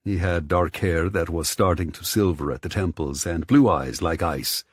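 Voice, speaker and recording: A man narrating an audiobook in the first person with a measured, low-key delivery. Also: husky, no room sound, clean studio sound.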